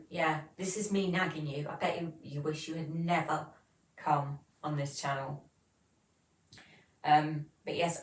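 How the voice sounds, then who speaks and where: A woman's voice: low-pitched, reverberant, distant mic, poor audio. A woman, hosting a casual livestream and chatting as she reads viewer comments aloud. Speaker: livestream host.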